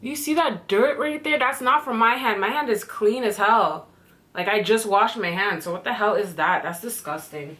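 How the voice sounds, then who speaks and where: Bright, excitable young woman vlogger. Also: mid-range voice, moderate pace. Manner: animated, excitable, swears casually. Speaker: beauty vlogger. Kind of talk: product first-impression vlog.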